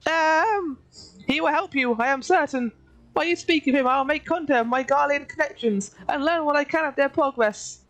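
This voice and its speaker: A woman doing a high, sing-song voice for a shifty, obsequious little male catfish-folk informant while reading game dialogue aloud. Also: normal speed, fairly bright tone, rough recording. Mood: nervous. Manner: pleading, obsequious, backwards-worded speech.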